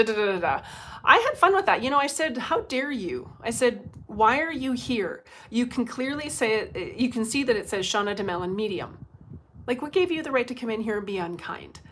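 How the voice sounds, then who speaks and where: A woman's voice: a little high, a bit bright. A middle-aged woman, a psychic medium, chatting casually on a livestream, laughing often and swearing bluntly.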